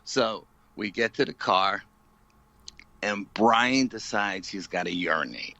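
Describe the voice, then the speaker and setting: A man being interviewed as a paranormal investigator, retelling an eerie night in an animated, dramatic way full of "you know". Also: fairly low pitch, slow, vocal fry, no room sound, dull audio. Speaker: paranormal investigator, podcast guest. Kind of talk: storytelling in a casual interview.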